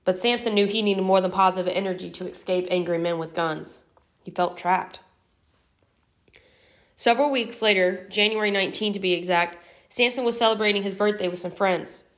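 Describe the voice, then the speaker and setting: A woman reading a novel aloud as an audiobook narrator in a steady, even storytelling manner. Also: medium pitch, normal speed. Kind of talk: scripted narration.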